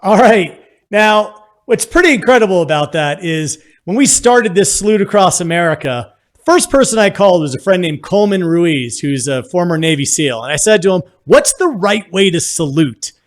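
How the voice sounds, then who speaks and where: A man's voice: high voice, expressive, normal speed. Upbeat male interview host. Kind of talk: interview hosting.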